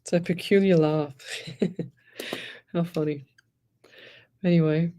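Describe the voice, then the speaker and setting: An Australian woman hosts a live radio show as a psychic medium, giving readings and chatting casually. She rambles and laughs often as she tells stories, her voice on the low side, steady, slow and mellow.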